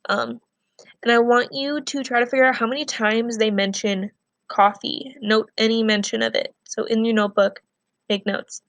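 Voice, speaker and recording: A woman teacher with a fairly high voice records a reading lesson. She alternates between expressive novel reading and patient, clear instructions for her students. The sound is close and dry, with no room around it. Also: normal speed, dry recording.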